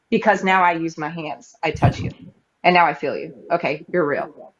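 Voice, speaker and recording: Woman debater, lively storyteller, slightly muffled stream audio. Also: fairly low pitch, fairly quick. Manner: animated storytelling, acting out quoted voices. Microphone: live-stream mic.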